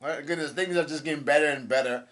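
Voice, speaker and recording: A young man reacting casually on the spot, halting often with fillers and restarts and swearing in surprise. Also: on the high side, a bit bright. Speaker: manga reaction host. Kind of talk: casual live reading and reaction.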